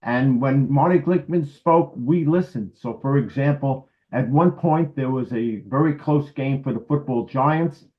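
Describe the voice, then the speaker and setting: A man in his seventies from New York City lectures in a wry, anecdotal way over a video call. His voice comes through muffled and lo-fi, with a medium pitch. He sounds conversational and unhurried. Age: 70s. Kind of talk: storytelling lecture.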